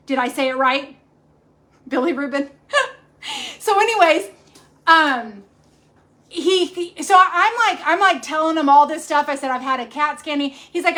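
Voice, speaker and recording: A woman's voice: high-pitched, animated, measured pace, pauses often, pushed and bright. A woman, chatting casually and rambling to her viewers as a cooking channel host. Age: 40s. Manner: rambling, chatty, self-correcting. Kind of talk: casual livestream chat.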